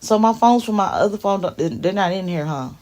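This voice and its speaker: A woman's voice: medium pitch, expressive, a little fast, darkish tone. Emphatic woman livestreaming on her phone. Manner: emphatic, repeats phrases, responds to chat. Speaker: livestreamer talking to viewers. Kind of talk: casual live stream talk.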